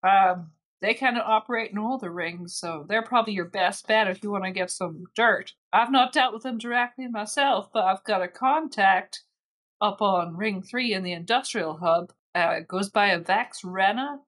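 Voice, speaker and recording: A folksy, unflappable one-armed space captain, as a woman game master puts her on, in a tabletop game. She talks in a plain, matter-of-fact drawl at a middling pitch, laying out her advice without fuss. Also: moderate pace, fairly bright tone, lightly acted.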